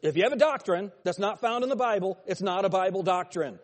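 Homem professor bíblico, sala com eco longo. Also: male voice, sits high, animated, brisk. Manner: conversational, addresses students by name, jokes. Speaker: Bible teacher. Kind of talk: classroom Bible teaching. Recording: long hall reverb.

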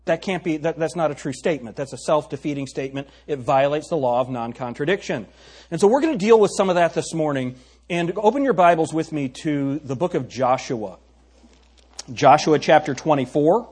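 Brief: male pastor, slightly high husky voice, chatty sermon with questions to the pews. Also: lively intonation, fairly quick, a little mellow. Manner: conversational, asks the congregation questions. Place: church sanctuary.

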